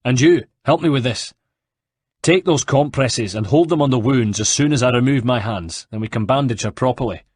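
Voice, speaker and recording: A male narrator voicing a brisk, commanding Venetian healer in his late thirties, with a Venetian Italian accent. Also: medium pitch, darkish tone, breathy edge, no room sound, voice pushed up, close to an everyday voice.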